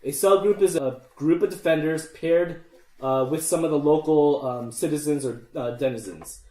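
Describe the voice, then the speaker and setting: A man narrating as the game master of a tabletop campaign, his voice slightly high for a man. He speaks in a relaxed, chatty way and laughs easily with his players. The room is echoey. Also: normal speed.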